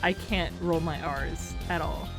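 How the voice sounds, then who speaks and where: A woman's voice: fairly low pitch, a little slow, over music. A woman hosting a game stream, chatting with friends and laughing, swearing freely as she reads the game aloud. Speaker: streamer and host. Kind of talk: casual stream chat and reading game lines aloud.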